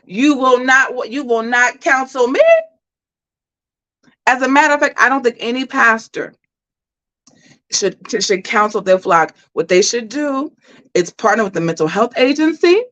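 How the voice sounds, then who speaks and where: Woman host, slightly high voice, emphatic livestream commentary, chatting to viewers. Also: low-quality recording. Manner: animated, emphatic, talks straight to chat.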